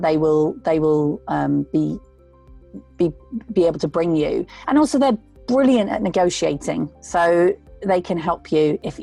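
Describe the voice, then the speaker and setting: Woman voice actor, warm and mellow tone, earnest and rambling advice. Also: fairly low pitch, vocal fry. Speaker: voice actor guest. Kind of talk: casual interview talk.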